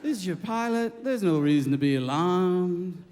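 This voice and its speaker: A man voicing a calm, mellow airline pilot who speaks in a slow, soothing, deadpan way over the intercom. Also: high voice, in a large hall, pitched below the performer's own voice.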